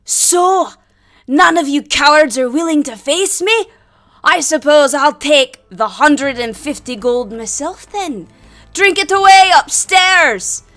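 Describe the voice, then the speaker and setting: A woman's voice: high voice, expressive, slow, a bit bright, pitched above the performer's own voice, heavily acted. A woman voicing a menacing male dwarf fighter who mocks the crowd in a put-on accent. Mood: taunting. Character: menacing red-haired male dwarf brawler.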